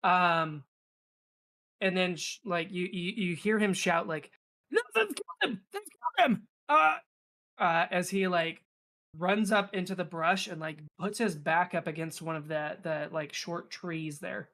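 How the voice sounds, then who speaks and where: A man's voice: sits high, fairly even intonation, unhurried, bright, forceful tone. A young man narrating as game master, rambling with lots of fillers and restarts.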